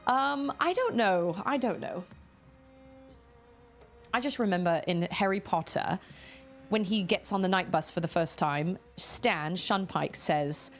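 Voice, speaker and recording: A woman's voice: lowish voice, animated, normal speed, creaky, soft background music. A woman streaming a game, chatting casually and musing aloud as she sorts through menus, repeating item names under her breath. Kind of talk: casual live-stream chat while playing.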